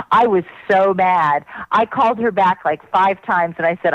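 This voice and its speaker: A woman's voice: medium pitch, takes it slowly, fairly bright tone, dry recording, highs cut off. A woman with a dry close sound, a guest on a radio interview, speaking emphatically with indignant outbursts and laughing asides.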